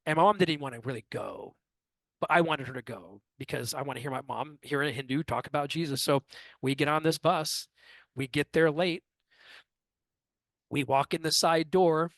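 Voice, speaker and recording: Middle-aged male interview guest, an animated storyteller with a fairly high voice, recorded dry. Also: normal speed, creaky, no echo. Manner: lively, acts out others' lines in quotes. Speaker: astrologer guest.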